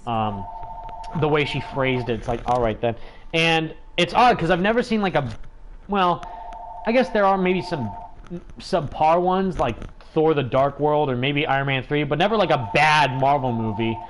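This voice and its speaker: A man hosting a gaming livestream with a fairly high voice, chatting on and on in loose, filler-packed sentences. A faint hum of room noise sits under his talk. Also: animated, normal speed. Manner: rambling, chatty, lots of fillers. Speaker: livestream host.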